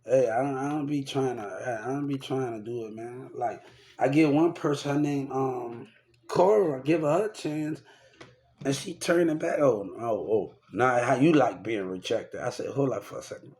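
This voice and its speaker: A man's voice: medium pitch, normal speed, darkish tone. A young man talking in a rambling, repetitive and profane way, venting about people in his life in a casual rant to camera. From Texas.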